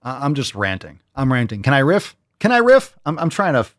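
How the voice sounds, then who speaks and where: A man's voice: medium pitch, expressive, fairly quick, a bit bright, no echo, studio quality. A man hosting a fitness talk show, ranting crudely and heatedly with sarcastic mimicry. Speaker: host. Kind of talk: profane ranting commentary.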